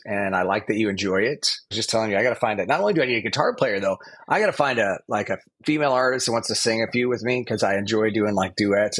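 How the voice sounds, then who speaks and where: A man's voice: on the low side, fairly bright tone, no room sound. Playful man co-hosting a podcast, dry sound. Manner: playful, bursts into singing. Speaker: podcast co-host. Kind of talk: casual chat.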